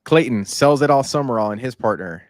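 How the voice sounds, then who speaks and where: Brief: mid-pitched man as the event organizer, relaxed and chuckling, dry close sound. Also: brisk, no room sound. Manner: laughs easily, hesitant restarts while recalling details. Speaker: competition organizer and podcast host. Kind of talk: casual chat.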